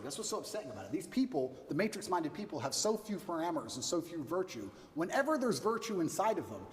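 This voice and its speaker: A man in an impassioned rant, emphatic and defiant, hammering the same points over and over. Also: sits high. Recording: echoey hall, voice far from the mic.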